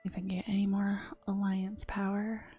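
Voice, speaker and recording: A woman streamer giving whispered gameplay commentary, softly murmuring to herself as she plays. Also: medium pitch, monotone, normal speed, breathy edge, faint music behind. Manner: soft murmuring to herself, often unvoiced whisper.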